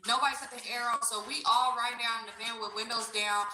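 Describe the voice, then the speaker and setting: A woman livestreaming, telling a story in an animated, profane, ranting way. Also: a little high, brisk, roomy sound, slight background noise, poor audio. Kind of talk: casual storytime chat.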